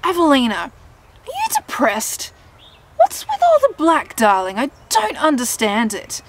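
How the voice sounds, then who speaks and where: A woman's voice: huge pitch swings, measured pace, heavy background noise, heavily acted. A woman putting on the voice of her doting elderly grandmother, fussy and bewildered. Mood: fretting. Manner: shrill, fretting questions.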